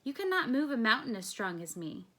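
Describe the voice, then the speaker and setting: A woman's voice: a little high, very animated, brisk, sharp tone, heavily acted. A woman reading the part of a proud, stubborn male Roman ruler in a firm, commanding way.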